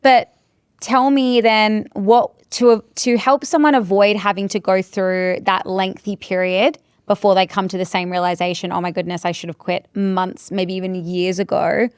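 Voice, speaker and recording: A woman's voice: mid-range voice, level tone, normal speed, clean tone, no echo, studio quality. A woman hosting a conversational interview about sales, earnest and emphatic, repeating her key phrases. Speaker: podcast host and sales coach.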